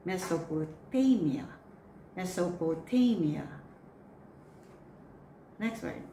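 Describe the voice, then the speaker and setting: A woman coaching church readers on pronunciation. She says each word slowly and clearly, then repeats it. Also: lowish voice, expressive, mellow. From Philippines. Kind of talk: pronunciation drill, slow and repeated. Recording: echoey room with faint noise.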